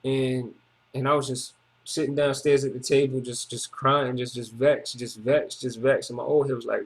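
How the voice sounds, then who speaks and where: A man's voice: mid-range voice, a little fast, husky. A man giving a rambling, emotional personal testimony in repetitive, slangy street talk. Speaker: testimony speaker.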